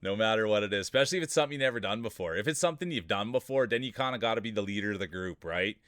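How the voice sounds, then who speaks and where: A man's voice: fairly low pitch, animated, racing, fairly bright tone, no echo, clean studio sound. A man commentating live marble races on his stream, chatty and rambling, greeting viewers by name and breaking into laughter at wild moments. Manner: hype-building, calls out viewers by name.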